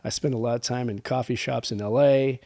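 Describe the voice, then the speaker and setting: A man's voice: mid-range voice, brisk, vocal fry. A man, a podcast guest, casually telling stories and acting out quoted conversations. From California. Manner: animated storyteller acting out quoted exchanges. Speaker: podcast guest, wine label owner. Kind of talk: casual storytelling chat.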